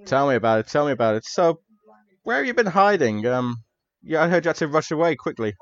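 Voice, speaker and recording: A man's voice: fairly high pitch, very animated, fast talker, a bit bright, dull audio. A man voicing a jovial, hearty male professor in a tabletop game, chummy and familiar.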